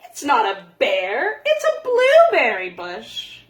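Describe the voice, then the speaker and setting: A small, earnest female mouse from a storybook, her voice pitched high and pressing to be heard, as a woman puts her on. The reading sounds like it was recorded in an echoey room. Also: huge pitch swings, takes it slowly, full character voice. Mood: insistent. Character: timid little female mouse painter.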